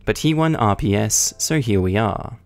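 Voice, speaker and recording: A man's voice: fairly low pitch, animated, moderate pace. Wry male story narrator. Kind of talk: scripted narration of online stories.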